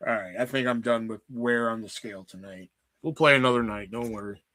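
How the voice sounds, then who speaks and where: A man's voice: medium pitch, brisk, sharp tone, no echo, studio quality. A man hosting a casual livestream, joking crudely with viewers and swearing often. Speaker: livestream host.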